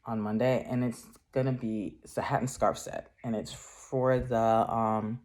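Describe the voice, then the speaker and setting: A man's voice: lowish voice, steady tone, unhurried, darkish tone. A man chatting casually in a craft vlog, rambling with many filler words and frequent laughs. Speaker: craft vlogger.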